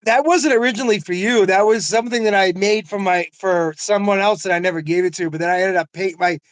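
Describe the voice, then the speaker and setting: A man's voice: sits high, quick pace, no echo. An older man in casual conversation, telling stories earnestly with frequent "you know what I mean" asides. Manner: laughs often. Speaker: host.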